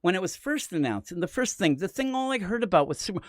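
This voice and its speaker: A man chatting about comics on a podcast, animated and rambling with a voice that rises and falls a lot. He sits a little above the usual male pitch. His voice sounds dry and close. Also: dry recording. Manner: animated, rambling, quick to laugh. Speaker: podcast co-host. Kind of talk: casual comic review chat.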